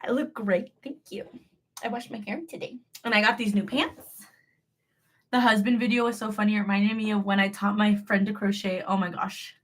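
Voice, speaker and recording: A woman's voice: medium pitch, fairly even intonation, normal speed. A young woman hosting a casual crochet livestream from home, talking to viewers while she works, bubbly and rambling, often joking at her own expense. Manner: bubbly, rambling, self-deprecating.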